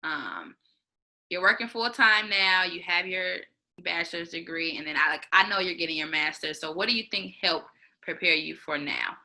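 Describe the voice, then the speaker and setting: A woman interviewer whose voice sounds very bright and sharp, sitting a little low in pitch. She asks long, searching questions in a casual tone. She acknowledges each answer with a quick "gotcha". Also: poor audio.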